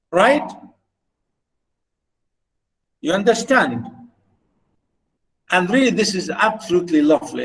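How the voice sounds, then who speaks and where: A man teaching a literature class over a video call, talking haltingly with many fillers and restarts and reading poetry slowly and fondly. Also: sits high, very animated, a bit bright, low-quality recording. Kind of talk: online lecture.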